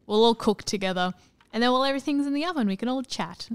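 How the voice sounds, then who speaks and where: A woman's voice: on the high side, animated, fast talker, clean tone. A woman chatting casually on a stream, telling rambling stories with a giggle. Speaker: stream co-host. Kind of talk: casual chat.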